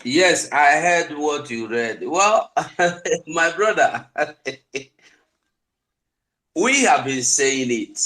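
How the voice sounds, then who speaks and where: A man's voice: medium pitch, a bit bright. A Nigerian man with an accent mixing Pidgin into his English, giving an impassioned, preaching political talk on an online call. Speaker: invited speaker on an online call.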